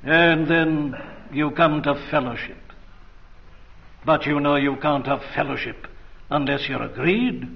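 A man's voice: a little high, a little slow, creaky, long pauses. A man preaching a sermon in a church, earnest and emphatic, pressing his hearers with rhetorical questions. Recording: dull lo-fi archive recording.

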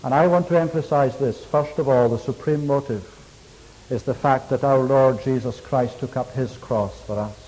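A man preaching a sermon, emphatic, stressing key words with slow, drawn-out pauses. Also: mid-range voice, darkish tone. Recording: long hall reverb.

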